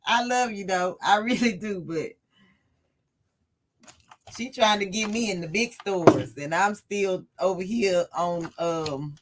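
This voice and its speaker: A woman's voice: medium pitch, slow, slight background noise. A woman hosting a casual livestream sewing lesson, chatty and laughing often as she talks to her live chat. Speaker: sewing tutorial host.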